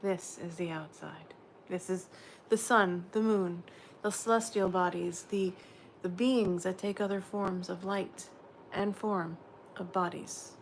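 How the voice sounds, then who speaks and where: A woman giving a spiritual oracle card reading, gentle and dreamy, often slipping into soft whispers. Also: on the low side, steady tone, slow, slight background noise.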